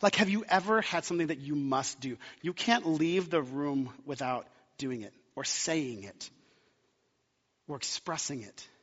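A man's voice: fairly high pitch, lively intonation, unhurried, a bit bright. A man preaching a sermon, impassioned and building to emphatic climaxes. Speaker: pastor. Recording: muffled sound with long hall reverb.

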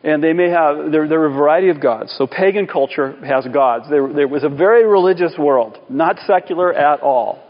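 A man preaching a sermon in a relaxed, conversational way, with asides and questions to the congregation. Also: fairly high pitch, moderate pace, few pauses. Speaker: pastor. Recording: dull sound with long hall reverb.

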